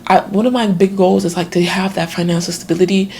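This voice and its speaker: Young woman, casual video diary, reflective and rambling, fry in the voice, faint noise. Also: medium pitch, fairly even intonation, fast, darkish tone. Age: 20s. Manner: reflective, rambling, many fillers. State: tearful, crying at times. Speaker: vlogger.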